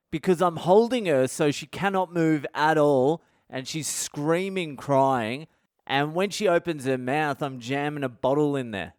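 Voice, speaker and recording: A man's voice: on the high side, moderate pace, smooth, no room sound, studio quality. A middle-aged man, hosting a podcast and telling a comedic story in a rambling, candid way with heavy swearing. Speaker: podcast host.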